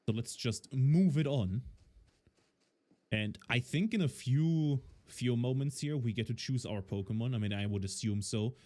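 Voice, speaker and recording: A man's voice: mid-range voice, measured pace, dark tone. A man casually commenting on a game as he plays, thinking aloud with lots of fillers. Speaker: game streamer.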